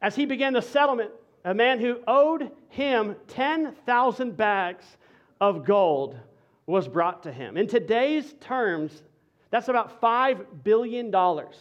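High-voiced preaching man, lively. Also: slow pace, dull audio. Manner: energetic and conversational, dropping to soft intensity. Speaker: pastor. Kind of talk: sermon.

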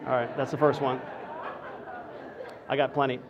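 A man preaching as a pastor, playful and animated, joking with the congregation between serious points. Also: medium pitch, normal speed, highs cut off, crowd noise. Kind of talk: sermon with humor.

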